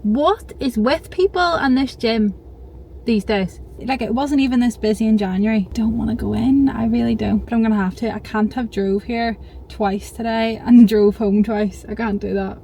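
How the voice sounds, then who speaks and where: A young woman chats straight to her camera in a loose, rambling vlog style, bubbly and quick to get excited. Her voice sits a little high. A faint hum of background noise runs under her talk. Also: creaky, low-quality recording. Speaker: vlogger. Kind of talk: casual chatty vlog.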